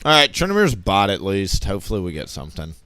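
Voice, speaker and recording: Chatty American gamer guy, lively voice. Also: sits low, fast talker, no echo. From Tennessee, southeastern United States. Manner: joking, chatty, talking to chat. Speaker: streamer playing a game. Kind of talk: casual gameplay commentary.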